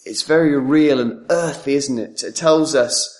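A man preaching a sermon in a measured way, leaning on tag questions and pausing with frequent ums. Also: medium pitch, a little mellow.

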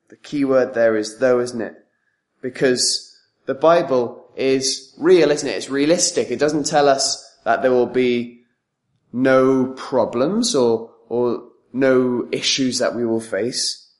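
A man preaching a sermon in a measured way, leaning on tag questions and pausing with frequent ums. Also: medium pitch, fairly even intonation.

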